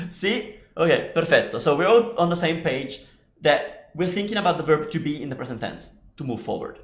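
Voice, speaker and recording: A man's voice: a little high, lively intonation, moderate pace. Man, live-lesson teacher, loose and chatty, answers comments, room echo. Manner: chatty, explains step by step, answers viewer comments. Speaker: Italian teacher. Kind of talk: live online language lesson. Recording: echoey room.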